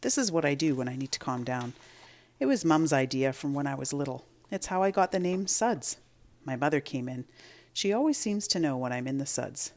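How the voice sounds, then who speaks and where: Teacher reading a children's chapter book; low, lively voice with some fry. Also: female voice, fairly quick.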